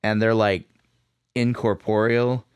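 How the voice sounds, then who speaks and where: A man co-hosting a podcast, calmly explaining a film's plot in casual chat. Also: fairly low pitch, slow, clear, resonant tone, dry recording, studio quality. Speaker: podcast co-host. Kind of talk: casual movie recap chat.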